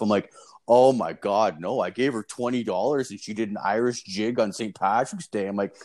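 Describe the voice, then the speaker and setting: A man with a somewhat low voice spins a rambling anecdote in casual conversation. He swears freely, restarts his sentences and piles on fillers as he goes. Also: brisk. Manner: profane, rambling, animated storytelling. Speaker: storyteller. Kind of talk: casual chat.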